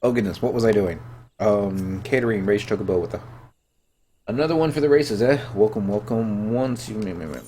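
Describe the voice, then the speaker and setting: Low-voiced man streaming a game, sick. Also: brisk, mellow, a little hiss or hum. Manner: chatty, joking, reads and answers chat. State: sick with a head cold. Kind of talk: casual gameplay chat.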